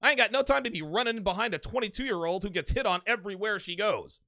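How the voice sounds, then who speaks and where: Brash profane male talk-show host, 40s, high sharp voice, dry. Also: quick pace, dry recording. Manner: brash, swaggering, profane, laughs often. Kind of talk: live call-in show banter.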